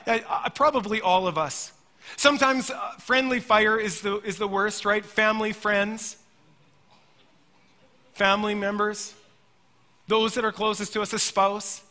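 A middle-aged man preaching a sermon in a church, his voice high and bright as he tells a story earnestly. He calls his listeners friends, and the sound rings with the long reverb of a large hall. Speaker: pastor.

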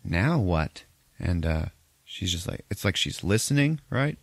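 Deep-voiced profane podcast host. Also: male voice, very animated, normal speed, vocal fry, no room sound. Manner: profane, laughing, rambling storyteller. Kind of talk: casual movie recap.

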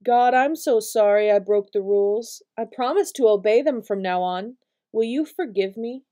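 A cocky young male bee, as a woman puts him on, bragging in sing-song rhymes for a storybook. The voice sits fairly high yet sounds soft and mellow rather than bright. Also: normal speed, natural voice. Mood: apologetic. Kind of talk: storybook reading.

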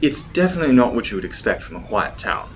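A man's voice: fairly low pitch, sing-song, fast talker, a little hiss or hum. A man voicing a reflective archaeology professor recounting a past dig. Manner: reflective, storytelling. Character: middle-aged male archaeology professor.

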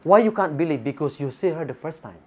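A Filipino-accented man with a fairly high, animated voice talks fast as he preaches to a church congregation. He reads Bible verses and poses rhetorical questions to his listeners, and the recording has a lo-fi quality.

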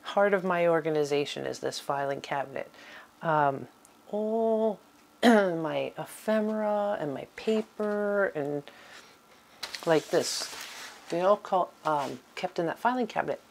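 A middle-aged woman giving a relaxed, chatty tour of her small home craft room. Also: fairly low pitch, measured pace, creaky, slight background noise. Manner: chatty, with fillers and little laughs. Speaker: vlogger giving a studio tour. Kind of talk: casual tour talk.

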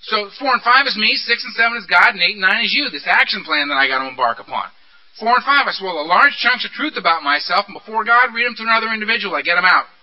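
A man speaking at a recovery meeting, candid and animated, asking rhetorical questions as he tells his story. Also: high voice, fast talker. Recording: dull lo-fi recording.

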